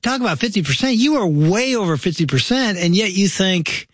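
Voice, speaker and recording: A man's voice: high-pitched, lively intonation, brisk, no echo, studio quality. A man hosting a casual faith conversation with a playful manner, acting out quotes as jokes.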